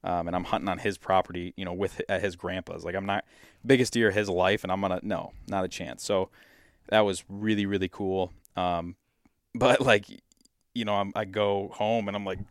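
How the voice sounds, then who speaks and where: A man from Michigan telling a hunting story in a casual, animated way, acting out what people said. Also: low-pitched, moderate pace, no echo, studio quality. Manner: animated, acts out quotes in his story. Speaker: podcast guest, hunter.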